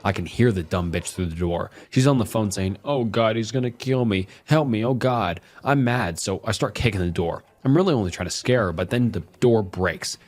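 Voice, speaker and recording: A man's voice: on the low side, moderate pace, hardly any pauses, a little mellow, lightly acted. A man voicing a drunk, violent, self-pitying husband who rambles and swears crudely through a horror story. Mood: bitter, rambling.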